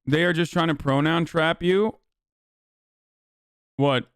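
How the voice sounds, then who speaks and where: A man's voice: fairly high pitch, fairly even intonation, takes it slowly, clean tone, no room sound, studio quality. A man in his thirties streaming live, reading his chat aloud and answering it with sarcastic, profane mock outrage.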